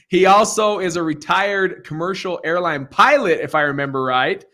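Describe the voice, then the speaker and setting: A man's voice: sits high, a little slow, sharp tone. A man hosting a live real estate Q&A stream, talking casually in an upbeat, joking, encouraging way over a video call.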